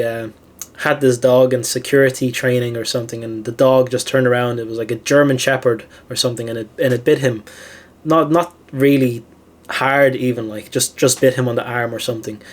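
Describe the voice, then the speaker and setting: A man's voice: medium pitch, steady tone, moderate pace. Chatty man telling a personal story. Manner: chatty, many "like" fillers, laughs at own stories. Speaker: philosophy channel host. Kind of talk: casual storytelling monologue.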